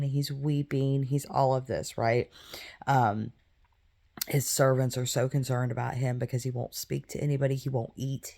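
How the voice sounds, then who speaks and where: A woman's voice: a bass voice, creaky, dark tone. A woman in her thirties, hosting a faith podcast and retelling a Bible story in casual talk, with many fillers and asides. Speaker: podcast host.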